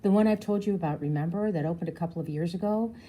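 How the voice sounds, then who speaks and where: A woman's voice: fairly low pitch, quick pace, mellow, natural voice, poor audio. A woman reading the part of an enthusiastic father explaining a jungle development, speeding up as he talks. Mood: eager.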